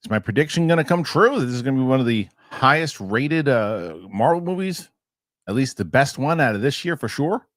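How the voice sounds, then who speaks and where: A man's voice: mid-range voice, expressive, fairly quick, no room sound, clean studio sound. A man hosting a casual podcast chat, jokey and rambling. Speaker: host. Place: New York studio.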